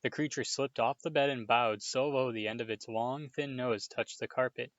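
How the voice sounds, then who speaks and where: Guy reading a kids novel out loud, steady plain voice, kinda muffled and dry. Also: medium pitch, moderate pace, no echo. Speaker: audiobook reader. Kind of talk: storybook narration. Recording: dull, dry home recording.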